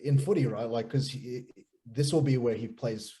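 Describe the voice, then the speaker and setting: A man in his thirties with an Australian accent, a pastor guest chatting casually and telling animated stories with many restarts. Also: mid-range voice, moderate pace. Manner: animated storyteller, repeats and restarts words. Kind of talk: casual chat.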